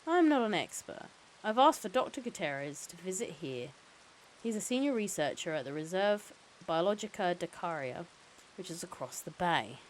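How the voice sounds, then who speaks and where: A woman reading the lines of a calm, careful male hospital doctor who explains things in a measured way. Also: lowish voice, slight background noise, poor audio. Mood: calm explaining.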